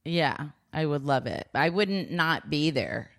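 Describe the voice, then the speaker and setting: A woman's voice: deep voice, lively intonation, slow pace. A woman co-hosting a casual chat, mostly answering with blunt, short remarks and telling about her own kids. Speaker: podcast co-host, mother.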